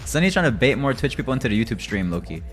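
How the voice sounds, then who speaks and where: A man streaming a game from home, chatting loosely with viewers, swearing freely and swinging between low mutters and loud rants. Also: very animated, rapid-fire, soft background music. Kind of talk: casual live-stream chat while gaming.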